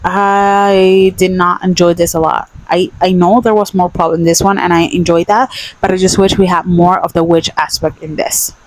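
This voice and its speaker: A woman's voice: lowish voice, little pitch movement, normal speed, no echo, rough recording. Exasperated young woman ranting about books. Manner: exasperated, emphatic, repeats herself. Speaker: book vlogger. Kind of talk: casual ranting book review.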